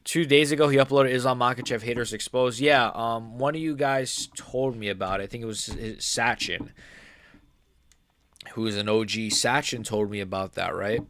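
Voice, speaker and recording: A man chats through a live stream, rambling, excitable and often restarting his sentences mid-thought. His voice sits at an ordinary middle pitch. The sound is dry and close, with no room echo. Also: moderate pace. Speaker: MMA YouTuber and live streamer. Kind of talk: casual live-stream commentary.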